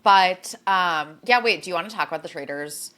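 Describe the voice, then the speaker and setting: A woman's voice: lowish voice, moderate pace, noisy background. A woman co-hosting a podcast, chatting animatedly about reality TV and reading an ad. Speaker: podcast co-host. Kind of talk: casual chat and read ad.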